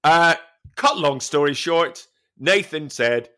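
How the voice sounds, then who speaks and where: A man's voice: a little high, a little slow, clear, resonant tone. A man co-hosting a podcast, telling a story in a casual chat, full of swearing and laughter. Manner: animated, swearing storyteller who laughs often. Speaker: podcast co-host.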